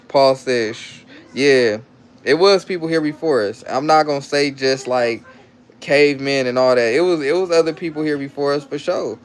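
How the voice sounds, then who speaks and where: A man's voice: mid-range voice, moderate pace, clean tone. A man hosting a casual livestream, reading viewer comments aloud and repeating himself in loose slang. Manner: coaxing, playful with his child. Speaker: livestream host.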